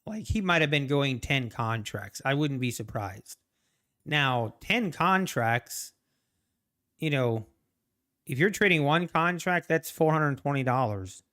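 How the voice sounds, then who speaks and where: Chatty smooth-voiced man streaming trades. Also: mid-range voice, fairly bright tone. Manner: rambling, chatty, reads chat aloud. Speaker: trading streamer. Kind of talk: casual live-stream commentary.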